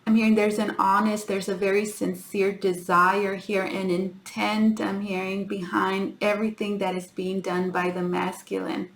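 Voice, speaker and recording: A woman giving a tarot reading to her viewers, talking in halting starts and repeats and often addressing them as guys. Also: mid-range voice, flat delivery, roomy sound. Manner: halting, repeats herself, keeps saying "guys". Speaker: tarot reader.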